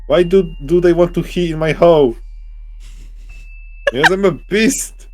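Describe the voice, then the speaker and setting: A man voicing a tormented, self-loathing beast in a visual novel, gruff and exaggerated, speaking slowly at a raised pitch. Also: background noise, lightly acted. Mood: bitter, angry. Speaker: co-streamer voicing a character.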